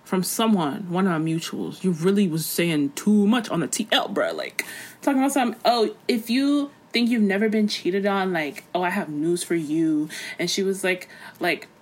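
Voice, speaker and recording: A young woman with a lively, swinging voice trades casual podcast talk. She sounds expressive and slangy, tossing in quick asides as she goes. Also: on the low side. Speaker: podcast co-host. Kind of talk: casual chat.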